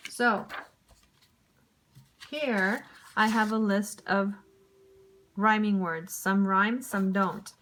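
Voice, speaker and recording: A woman teacher giving a recorded lesson to young pupils, speaking clearly and deliberately. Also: mid-range voice, steady tone, a bit bright, slight background noise.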